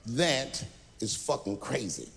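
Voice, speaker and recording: A man performing stand-up comedy, telling stories with animated delivery and acting out voices. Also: mid-range voice, slow, gravelly, background noise. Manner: animated storytelling, acts out voices. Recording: stand-up special in a large hall with audience.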